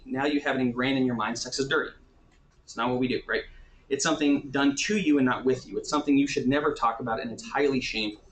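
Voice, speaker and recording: Male therapist-teacher, mid-pitched, chatty delivery, roomy echo, faint hiss behind. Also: fairly bright tone. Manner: casual, often checks in with "right?". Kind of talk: conversational teaching talk.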